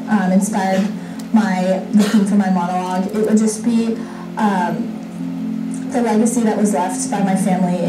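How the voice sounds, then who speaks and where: A woman in her twenties from New Mexico introducing herself as a college student, hesitant and soft-spoken. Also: mid-range voice. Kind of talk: interview-style self introduction. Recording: roomy distant recording with music. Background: instrumental music.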